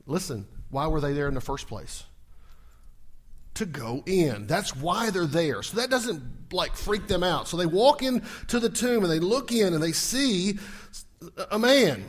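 A high-pitched male pastor delivers a sermon, telling the story vividly and acting out scenes. He shouts at the peaks and checks in with his congregation through rhetorical questions.

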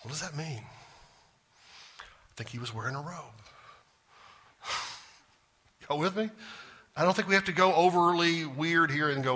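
A man's voice: on the high side, lively intonation, a little slow, long pauses, sharp tone, husky. Folksy man teaching a Bible class. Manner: folksy, asks the class questions.

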